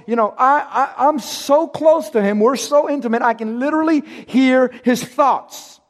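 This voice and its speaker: High-voiced man telling a dramatic story. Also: moderate pace, hardly any pauses, big-room sound. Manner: animated, acts out dialogue, drops to hushed tones for tension. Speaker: speaker telling a personal story.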